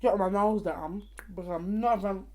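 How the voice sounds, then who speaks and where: A woman's voice: medium pitch, moderate pace, darkish tone. A young woman chatting playfully to her viewers between bites of food during a casual mukbang. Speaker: vlogger.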